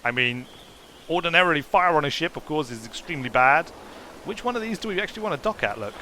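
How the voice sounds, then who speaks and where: A man's voice: fairly high pitch, lively intonation, fast talker, bright, forceful tone, a little hiss or hum. A man giving casual, rambling gameplay commentary, playful and prone to trailing off. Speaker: game commentator.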